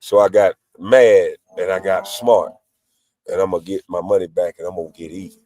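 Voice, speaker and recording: A man's voice: deep voice, fairly even intonation, normal speed, warm tone, a little hiss or hum. Brash trash-talking man on a livestream. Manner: boastful, profane, trash-talking. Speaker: livestream host.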